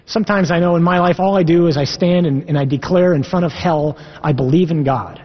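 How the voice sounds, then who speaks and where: A man's voice: high voice, steady tone, fast. A man preaching as a Catholic priest, earnest and emphatic, reading scripture aloud and explaining it. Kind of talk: sermon. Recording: echoey hall, dull lo-fi sound.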